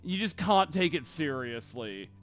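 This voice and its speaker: A man's voice: a little high, expressive, measured pace, fairly bright tone, faint music behind. A man chatting casually on a live stream, reading out viewer messages and swearing freely with his co-host.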